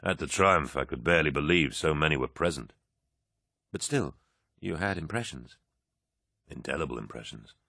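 A man narrating an audiobook, reading in a measured, low-key dramatic way and voicing the characters. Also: lively intonation, vocal fry, bright, forceful tone, no echo, clean studio sound. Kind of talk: scripted narration.

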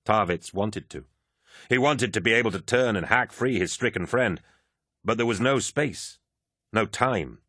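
A man's voice: on the low side, a little slow, pushed and bright, no echo, studio quality. A man narrating a military science fiction audiobook, reading battle scenes dramatically. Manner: dramatic, vivid action reading.

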